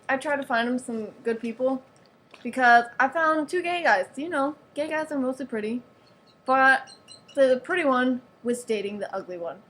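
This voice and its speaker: A woman's voice: fairly high pitch, fairly bright tone, a little hiss or hum. A woman giving a playful, mock-serious show-and-tell of a toy, with giggles and sarcastic asides. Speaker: vlogger showing off a toy.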